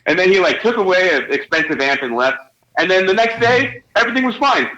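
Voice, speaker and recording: A man's voice: high-pitched, lively intonation, a little fast, sharp tone, muffled recording. A man in casual podcast chat, telling a laid-back story with crude humor. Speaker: podcast co-host.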